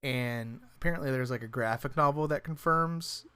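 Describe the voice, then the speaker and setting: A casual podcast co-host who rambles through thoughts, full of fillers, restarts and easy swearing. The voice sits at an ordinary middle pitch and breaks into laughs often. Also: normal speed, bright, forceful tone, smooth. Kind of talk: casual chat about horror movies.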